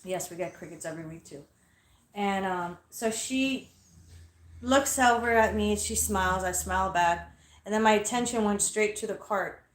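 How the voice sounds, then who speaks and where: A woman casually telling a story, animated and profane, quoting herself loudly. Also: medium pitch, normal speed, roomy sound, a little hiss or hum.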